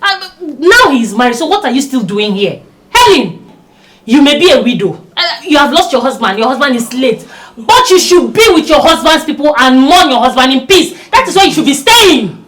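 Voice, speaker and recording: A woman's voice: high-pitched, very animated, moderate pace. An actress with a Nigerian accent playing an arrogant young bride who orders her in-laws out. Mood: scornful. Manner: scornful, bossy, shouting. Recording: noisy background.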